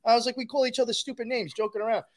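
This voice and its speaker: A man's voice: extremely high pitch, fairly even intonation, racing. A man telling a rambling, profane story in casual conversation, laughing as he goes. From New York.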